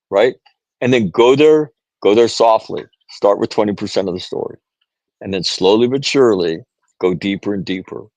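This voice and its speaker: Middle-aged man from the United States, low voice, dry close sound, earnest, talks in stories and quotes, keeps checking "right?" as he goes. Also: vocal fry, darkish tone, no echo, low-quality recording. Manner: repeats "right?", many restarts, quotes others. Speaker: podcast guest, author. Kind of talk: earnest storytelling in conversation.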